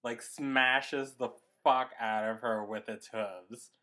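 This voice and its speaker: A woman's voice: very deep voice, takes it slowly. A woman co-hosting a comedy podcast, recapping a film in casual chat and acting out characters' lines with laughter. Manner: animated storyteller, acts out characters' lines with laughs. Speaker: podcast co-host.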